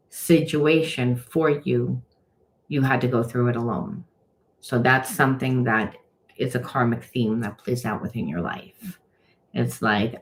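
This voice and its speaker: A woman's voice: a bass voice, a little hiss or hum, poor audio. Frank rambling woman reading tarot. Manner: rambling and frank, with frequent fillers and swearing. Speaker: tarot reader and trauma coach. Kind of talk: casual spoken tarot reading.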